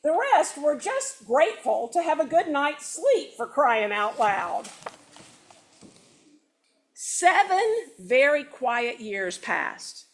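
Animated, slow storybook-reading woman. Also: high-pitched. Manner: animated, sing-song storytelling with a few slips. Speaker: storyteller reading a children's book in worship. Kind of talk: expressive children's story read-aloud.

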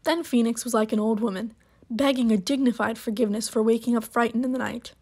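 Female storybook narrator, measured pace, slightly high voice. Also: fairly even intonation, a little mellow, breathy edge. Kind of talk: reading a short story aloud.

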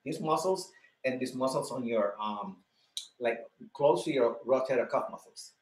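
Animated and moving at a moderate pace, a man with a medium-pitched voice teaches a live online exercise class, counting reps, prompting breaths and encouraging students individually by name. The room he's in echoes.

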